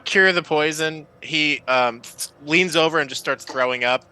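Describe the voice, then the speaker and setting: A man's voice: fairly high pitch, normal speed, sharp tone, clean tone, low-quality recording. A man narrating as game master in a loose, chatty way with many fillers.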